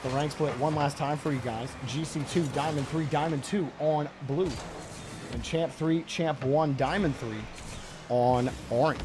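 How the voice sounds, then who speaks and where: A man's voice: a little high, unhurried, noisy background. A man casting a live video game match, chatting and giving play-by-play. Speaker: esports caster. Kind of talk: live game commentary and chat.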